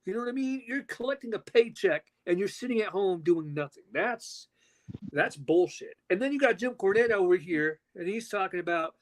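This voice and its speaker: A man co-hosting a podcast from home, ranting loudly and angrily with a lot of swearing. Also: high-pitched, normal speed, poor audio. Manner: loud, profane, animated ranting. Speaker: podcast co-host. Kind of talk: heated podcast rant. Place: at home with his dog.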